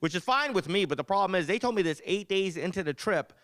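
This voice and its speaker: A young man doing a stand-up comedy set, telling animated stories with punchy delivery. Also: high voice, fast talker, no room sound. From United States.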